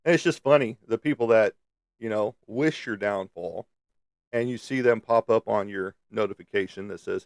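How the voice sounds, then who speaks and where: Middle-aged guy going live from his room, low-ish voice, cussing and rambling, dry mic. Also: moderate pace, creaky, no room sound. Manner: blunt, profane and rambling. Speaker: live streamer. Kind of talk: casual live stream chat. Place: room at home with bookshelves. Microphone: webcam on a live stream.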